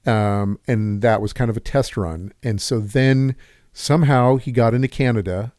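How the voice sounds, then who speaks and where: A man's voice: medium pitch, normal speed, a little mellow, no room sound, studio quality. A man co-hosting a podcast, rambling profanely through casual political chat with lots of fillers. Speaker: podcast co-host.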